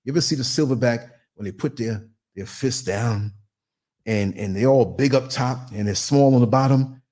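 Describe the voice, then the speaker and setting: At a normal pace and with a mid-range voice, the male podcast host tells his story live, bringing it to life with acted-out voices and noises in an animated, dramatic style.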